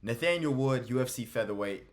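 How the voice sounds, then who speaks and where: A man's voice: mid-range voice, lively intonation, brisk. A man hosting casual reaction commentary, blunt and exasperated, cursing freely. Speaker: MMA commentary host.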